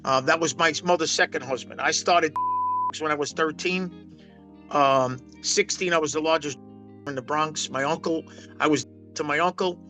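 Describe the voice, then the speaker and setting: A Brooklyn poker pro in his 60s tells his life story as a guest in a long, rambling interview, emphatic and full of restarts. His voice is a little high and sharp, at a moderate pace, with faint music in the background.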